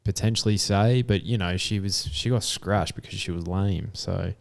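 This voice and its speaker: Brief: man, podcast co-host, casual and joking, fairly low, clean smooth tone. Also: normal speed. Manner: laid-back, jokey, slangy. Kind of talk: casual racing podcast chat. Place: room at home.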